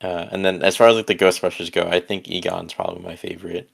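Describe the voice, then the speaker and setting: Man, podcast co-host, very low voice, gravelly fry, halting and soft, casual. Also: little pitch movement. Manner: hesitant, many fillers, soft-spoken. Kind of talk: casual chat.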